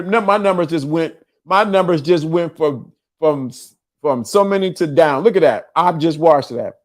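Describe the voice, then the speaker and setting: A man hosting a casual livestream, talking in an animated way, often laughing and using streetwise slang. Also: on the high side, moderate pace. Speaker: livestream show host.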